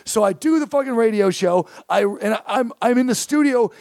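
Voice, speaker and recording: A man, a comedian, telling a story in casual chat, animated and profane, acting out the quoted lines. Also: very high voice, moderate pace, no room sound, studio quality. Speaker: comedian guest.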